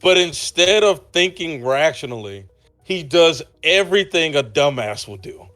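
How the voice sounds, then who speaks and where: A man chatting as co-host of a review show, quick to laugh and to swear. His voice is somewhat high for a man. Faint music sits under the talk. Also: animated, fairly bright tone. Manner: laughing, profane interjections. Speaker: podcast co-host. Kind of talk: casual chat.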